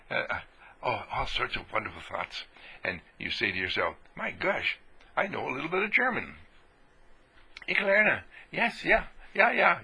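A man giving an exuberant motivational talk on radio, swinging between hushed and loud and laughing often. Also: medium pitch, vocal fry, husky. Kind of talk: animated motivational monologue.

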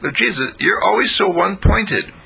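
A man's voice: lively intonation, normal speed, vocal fry, pushed and bright, breathy edge, heavily acted, poor audio. A man voicing an eager, curious male friend in a told story, asking questions in a raised voice. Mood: fond. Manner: questioning, wide-eyed, raised pitch.

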